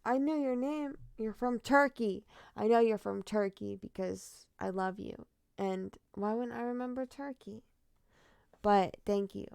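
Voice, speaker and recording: A woman's voice: fairly high pitch, measured pace, creaky, darkish tone, smooth, no room sound, studio quality. A woman telling true crime stories who rambles candidly and swears freely as she signs off casually. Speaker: true crime storyteller and streamer. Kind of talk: casual sign-off chat.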